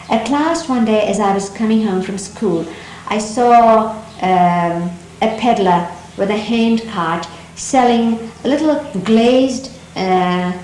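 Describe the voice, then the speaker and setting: Recorded on 1970s archival tape that sounds roomy and lightly hissy, a middle-aged Dari-speaking woman recounts her memories in a mid-pitched voice. Her storytelling is gentle, slow and thoughtful, often pausing and starting over.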